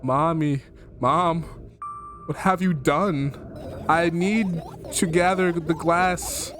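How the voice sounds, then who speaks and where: A man's voice: a little high, fairly even intonation, takes it slowly, music in the background. A man playing a horror game on stream, reading the game's lines aloud and reacting with laughter and a lot of swearing. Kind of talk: let's play commentary, reading game text aloud.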